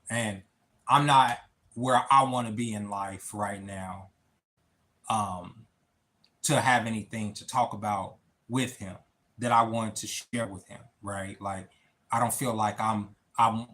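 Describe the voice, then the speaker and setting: A man, talking on his own livestream, near tears, halting and repeating words as he speaks to his viewers. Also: on the low side, pushed and bright. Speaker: livestream host. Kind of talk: emotional personal talk on a livestream.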